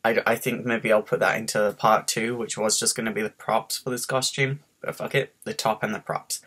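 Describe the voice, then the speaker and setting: A man's voice: fairly low pitch, level tone, a little fast, a bit bright. A man with a faint Scottish accent, stressed and rambling through a casual story about his day on a home webcam vlog. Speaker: vlogger.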